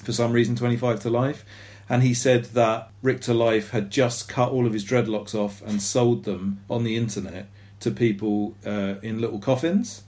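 A man's voice: mid-range voice, steady tone, moderate pace, darkish tone. A man co-hosting a podcast in casual chat, rambling and self-deprecating with lots of fillers. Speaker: podcast co-host.

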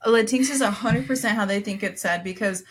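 Amid crowd noise, a young woman co-hosting a podcast talks a little fast in a mid-range voice. She's chatty, telling stories with many fillers and laughing often.

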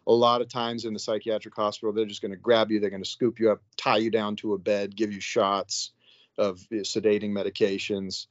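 Man, interview guest, low voice, casual rambling storyteller, dry lo-fi recording. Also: little pitch movement, brisk, no echo. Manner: loose and conversational, with frequent "like" and "you know". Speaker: interview guest, psychiatric nurse. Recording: dull, dry, lo-fi sound.

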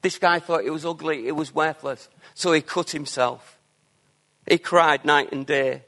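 A man preaching a sermon, earnest and emphatic, with quieter asides between his declarations. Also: fairly high pitch, unhurried.

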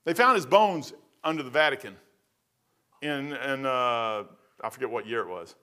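A middle-aged man preaching a sermon in a folksy, animated storytelling way, calling listeners man and brother. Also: normal speed. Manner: folksy storytelling, animated swings in pitch and loudness; casual slang, addresses listeners as man and brother.

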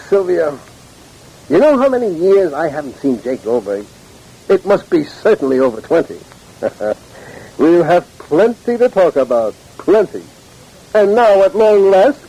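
An actor playing an excitable, fretful middle-aged father in a 1940s radio drama. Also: on the high side, a little slow, slightly rough, heavily acted, rough recording. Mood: anxious.

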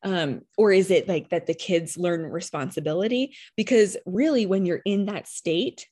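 Rambling mom, a bit low-voiced. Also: female voice, normal speed, warm tone. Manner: rambling, filler-heavy, reflective. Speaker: mother. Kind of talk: casual chat.

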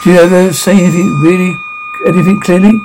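A man's voice: high-pitched, fairly even intonation, fast talker, noisy background. A man voicing a frightened, impatient young woman in an amateur audio drama, speaking in anxious questions.

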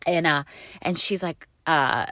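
A woman's voice: low voice, a little slow, pushed and bright, dry recording. A middle-aged woman hosting her own podcast from inside a car, telling rambling, upbeat stories full of fillers. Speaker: podcast host. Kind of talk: casual chatty podcast monologue.

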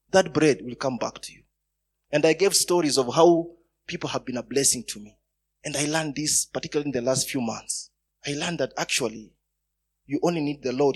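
A man preaching a sermon, telling stories and breaking into loud bursts of emphasis. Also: mid-range voice, breathy edge.

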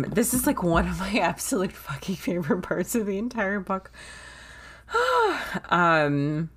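A woman in casual chat about a book, enthusiastic, with frequent ums, who also reads passages aloud. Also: on the low side. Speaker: book discussion co-host.

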